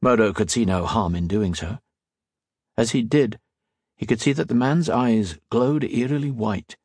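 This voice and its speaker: Male audiobook narrator, husky, slow, measured, dry close recording. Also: fairly low pitch, darkish tone, no echo. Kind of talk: scripted narration.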